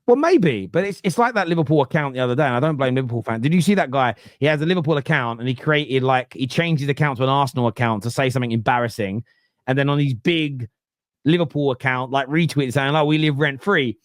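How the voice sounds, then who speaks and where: A man's voice: mid-range voice, fast, dry recording. Man, podcast host, emphatic, argumentative, repeats words, dry close sound. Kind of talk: casual football podcast debate.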